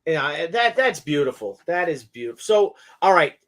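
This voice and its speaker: New york guy hosting a live stream, high voice, animated, swears a bit. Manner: animated storyteller, swears, talks fast and loose. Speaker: host. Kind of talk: casual live-stream chat.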